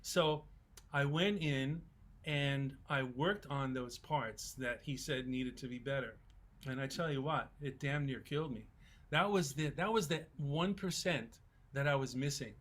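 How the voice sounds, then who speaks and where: A man in his sixties, a songwriter on a festival panel, telling relaxed, folksy stories in casual talk. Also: mid-range voice, measured pace.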